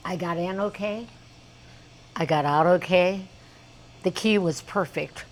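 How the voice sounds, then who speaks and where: A woman in her eighties, a guest singer, telling lively show-business stories in a chatty way. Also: fairly low pitch, measured pace, rough recording. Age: 80s. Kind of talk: anecdotal storytelling.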